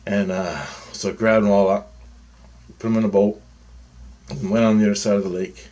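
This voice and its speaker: A man's voice: fairly low pitch, flat delivery, moderate pace, darkish tone. A man telling a long dream story in a casual, meandering, profane way.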